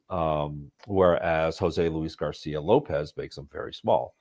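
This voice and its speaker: Casting: sick male co-host, very low gruff voice, digressive. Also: measured pace, few pauses, darkish tone. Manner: thoughtful, digressive. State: sick, rough voice. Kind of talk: casual chat.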